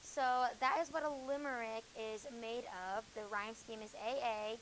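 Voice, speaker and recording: A woman teaching a high school English class. She explains with many fillers and self-corrections and keeps hushing her students. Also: normal speed, slight background noise, rough recording. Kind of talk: classroom lecture.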